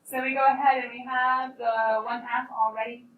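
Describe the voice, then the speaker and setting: A woman teaching a calculus class, playful and lively, quizzing her students as she works through problems. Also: a little high, normal speed, phone-quality sound. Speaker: math teacher. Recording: roomy classroom, distant mic, faint noise.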